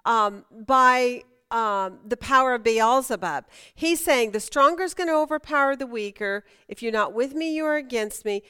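High, smooth-voiced woman teaching Bible study. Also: fairly bright tone. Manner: chatty and emphatic, asks the class questions.

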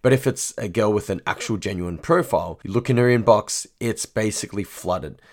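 A man's voice: lowish voice, a little fast. Blunt, cursing man. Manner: blunt and profane, with lots of "right?" asides. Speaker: dating coach. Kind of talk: monologue to camera.

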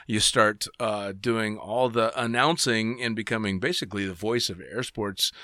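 Blunt, low-voiced man hosting a podcast. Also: fairly even intonation, normal speed, bright, forceful tone, no echo, studio quality. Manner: blunt, swears freely. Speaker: podcast host. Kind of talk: casual interview chat.

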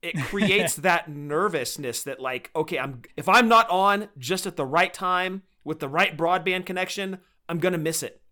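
A man's voice: a little high, moderate pace, hardly any pauses, pushed and bright. A man co-hosting a podcast, chatting casually and with enthusiasm about collectible figures. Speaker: podcast co-host. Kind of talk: casual chat.

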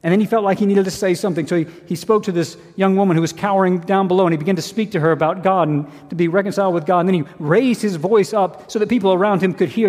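A man's voice: high-pitched, a little mellow. A man preaching a sermon as pastor, earnest and emphatic, asking rhetorical questions. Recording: long hall reverb.

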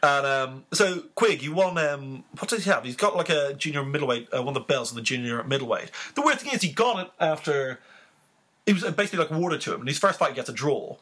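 Bright, husky man talking boxing. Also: fairly high pitch, animated, fast talker. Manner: rambling, filler-heavy, chatty. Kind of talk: casual sports chat.

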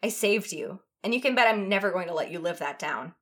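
A woman's voice: medium pitch, expressive, brisk, a bit bright, natural voice. A woman reading a story aloud, voicing a young warrior woman who is firm and teasing.

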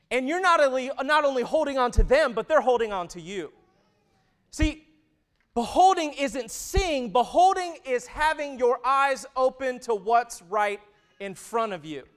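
A man in his thirties preaching a sermon, who moves from loud, emphatic stretches to hushed, intimate ones. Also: very high voice, lively intonation, measured pace. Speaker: pastor.

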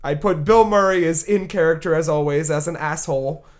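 A woman's voice: low-pitched, a little fast. Laughing woman recapping a movie. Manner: laughs often, recaps scenes with acted quotes. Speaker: podcast co-host. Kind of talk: casual movie discussion.

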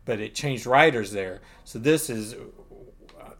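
Man, podcast co-host, easygoing chatty recap with laughs, mid-pitched voice. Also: slow, a bit bright. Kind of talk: casual comic book discussion.

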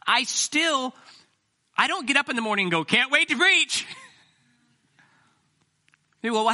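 A man's voice: sits high, sharp tone. A man preaching a sermon as pastor, talking conversationally with self-deprecating jokes.

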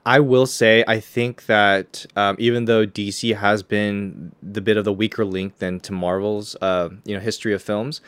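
A man's voice: fairly low pitch, fairly even intonation, moderate pace, few pauses, a bit bright, smooth, dry recording. A man co-hosting a casual movie podcast, enthusiastic and hedging his points with fillers. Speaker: podcast co-host.

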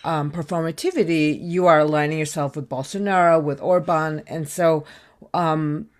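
An American woman speaking on a panel discussion, thoughtful but halting, with many ums and restarts. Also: low voice, steady tone. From United States. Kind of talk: remote discussion contribution.

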